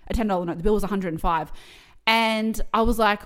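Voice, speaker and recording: A woman's voice: medium pitch, brisk. Woman telling dating stories. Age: 30s. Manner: animated storytelling, swearing freely. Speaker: podcast co-host. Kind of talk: casual chat.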